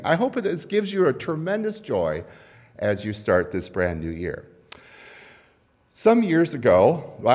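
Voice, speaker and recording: A man preaches a sermon in a conversational way, his pitch leaping high and dropping low all through. The voice rings out with a long reverb off the church walls. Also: darkish tone. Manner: conversational, asks "right?" and "okay?" often. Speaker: pastor.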